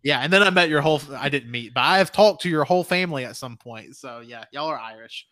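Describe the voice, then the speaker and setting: A young man from Alabama with a Southern US accent, hosting a casual podcast chat, animated and swearing freely. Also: on the high side, quick pace. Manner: animated, swearing, laughing often. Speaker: podcast host.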